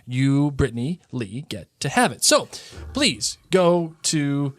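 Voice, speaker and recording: A man's voice: mid-range voice, sing-song, slow pace, dry recording. A man co-hosting a podcast in casual chat, enthusiastic and rambling with many restarts. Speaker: podcast co-host.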